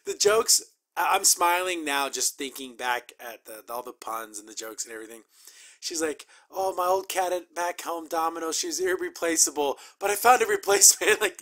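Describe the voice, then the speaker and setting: A man casually recapping and reacting to a cartoon episode, chatty and upbeat, acting out quick character quotes. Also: on the high side, a bit bright. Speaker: show reviewer.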